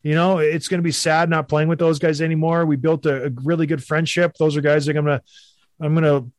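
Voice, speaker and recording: A man, a former hockey player, co-hosting a casual sports talk show and telling stories with animated emphasis. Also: on the high side, brisk, no echo, studio quality.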